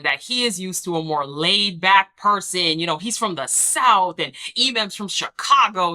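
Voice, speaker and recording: Young woman host for a TV recap, sassy and emphatic, bright tone. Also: mid-range voice. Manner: emphatic, sassy, acts out the people she quotes. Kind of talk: casual recap commentary.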